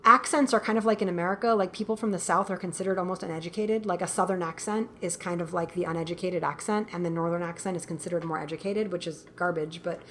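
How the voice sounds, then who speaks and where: A woman guest filmmaker talking in a casual interview, animated and quick to laugh, acting out what people said. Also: on the low side, a little hiss or hum. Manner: animated storyteller, laughs often, acts out quotes.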